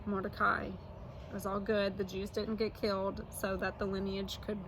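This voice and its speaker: A woman's voice: medium pitch, monotone, moderate pace. A woman co-hosting a casual Bible discussion outdoors, speaking matter-of-factly. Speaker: church channel co-host. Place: outdoors near a road. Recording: noisy outdoor traffic background.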